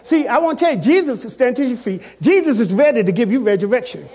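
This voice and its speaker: A man preaching a sermon as pastor, calling out to the congregation and swinging between loud shouts and hushed, quiet passages. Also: extremely high pitch, expressive, fast talker.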